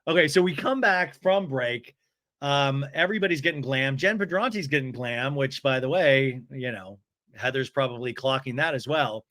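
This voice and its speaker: A young adult man hosting a podcast, giving a gossipy comedic recap in an animated way. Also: medium pitch, normal speed. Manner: animated, gossipy, switches into mocking voices. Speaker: podcast host.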